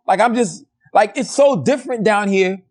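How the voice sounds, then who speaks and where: Male co-host, slightly high voice, lively and profane. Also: normal speed. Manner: animated, profane storytelling. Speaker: podcast co-host. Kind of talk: casual chat.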